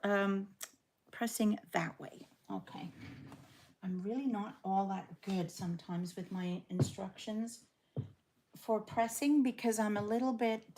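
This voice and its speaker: A woman in her sixties with a Canadian accent chats at an unhurried pace, rambling and poking fun at herself. Her talk is easygoing and casual, with a faint noise underneath. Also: medium pitch, darkish tone. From England. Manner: chatty, rambling, self-deprecating. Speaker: quilting vlogger. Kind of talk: casual sew-along chat.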